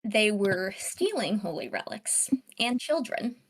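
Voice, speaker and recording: A woman's voice: mid-range voice, sing-song, takes it slowly, a bit bright, husky. A woman player in a tabletop game, chatting casually. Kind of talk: casual chat.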